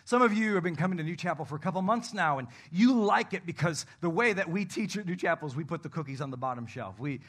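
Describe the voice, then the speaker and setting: Guy pastor preaching, kinda high voice, jokey, acts stuff out, goes loud then real quiet. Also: quick pace, few pauses. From North Country. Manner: animated, joking, acts out little scenes. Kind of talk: sermon.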